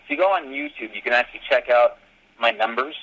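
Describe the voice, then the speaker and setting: A man being interviewed about his fan films, telling animated stories and acting out quotes. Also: medium pitch, fast talker, creaky, muffled recording. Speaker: fan filmmaker guest. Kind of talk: casual podcast interview.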